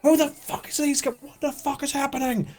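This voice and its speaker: Guy doing a yelpy panicky thug, squeaky high and loud, swearing a lot. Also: steady tone, a little fast. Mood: bewildered. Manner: shrill, yelping, swearing. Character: panicked male thug caught in a brawl.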